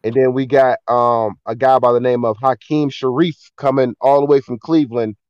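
A man's voice: mid-range voice, steady tone, normal speed, a little mellow, no room sound, highs cut off. A man talking about his film project in a casual podcast chat, stumbling over fillers and repeating words. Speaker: filmmaker and actor guest.

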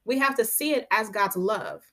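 Woman, podcast Bible teacher, slightly high voice, emphatic, repeats key phrases, says "right?" often. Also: moderate pace, pushed and bright. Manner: emphatic, keeps checking in with "right?"; drives points home by repeating phrases.

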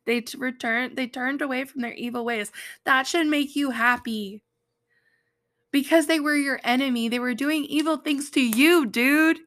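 A woman's voice: sits high, normal speed, fairly bright tone. Chatty young woman teaching Bible stories. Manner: chatty and slangy, laughs often. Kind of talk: casual Bible study commentary.

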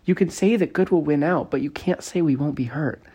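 A man's voice: fairly high pitch, brisk, mellow, husky, voice pushed up. A man reading a storybook aloud, voicing an anxious, doubtful young hero who mutters his replies.

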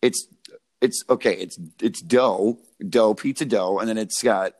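A man's voice: on the low side, measured pace, darkish tone. A man in his twenties telling loose, profane stories in a casual podcast chat, full of fillers and laughing at his own jokes. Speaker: podcast co-host.

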